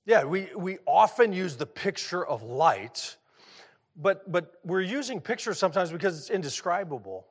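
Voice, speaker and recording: A middle-aged pastor with a high, expressive, husky voice preaches at a moderate pace. His sermon is conversational; he asks his listeners questions and often repeats words as he restarts.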